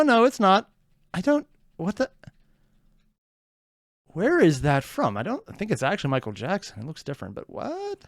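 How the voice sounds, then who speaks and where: A male reaction host gives casual, joking commentary. His voice sits a little high and swings in pitch a great deal. The sound is dry and close. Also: no echo. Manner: animated and wry, often laughing.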